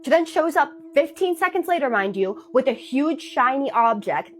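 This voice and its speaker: A woman's voice: high-pitched, big pitch swings. A woman narrating a true scary story in a chatty, dramatic storytime manner. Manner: chatty, dramatic retelling with pauses.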